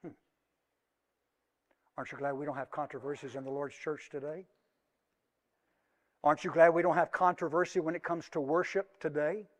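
A man preaching a sermon, moving between quiet asides and loud emphatic peaks and asking his congregation questions. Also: on the high side, flat delivery, moderate pace, long pauses, in a large hall.

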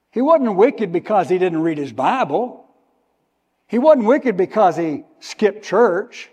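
A fairly high-voiced man preaching at an unhurried, deliberate pace. He leans hard on single words, then sinks to a near whisper. His voice rings out with a long hall reverb. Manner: slow, emphatic, tells listeners to underline words; swings from loud stress to hushed drops. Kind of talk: sermon.

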